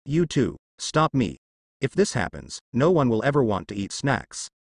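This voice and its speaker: A polite, eager little robot girl from a storybook, as a male narrator reads her lines. The delivery is lively and close, with a dry sound. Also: mid-range voice, moderate pace, creaky, no echo. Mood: chirpy.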